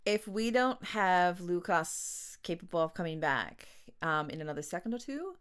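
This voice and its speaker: A woman's voice: fairly low pitch, animated, takes it slowly, long pauses. A woman with a Canadian accent hosting a livestreamed book launch, chatting casually, laughing and apologizing over technical trouble.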